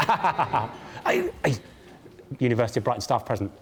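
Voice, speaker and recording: A man's voice: mid-range voice, sing-song, takes it slowly, crowd noise. A man presenting a live science show on stage, with jokey, theatrical patter and mock pomposity. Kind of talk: comic live science demonstration. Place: live stage show at a large public event.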